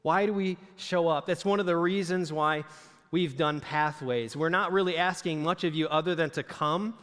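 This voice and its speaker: A man's voice: fairly high pitch, moderate pace, fairly bright tone, smooth, long reverb tail. A man preaching a sermon to a church congregation in a conversational way, full of asides and rhetorical questions. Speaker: pastor. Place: church sanctuary.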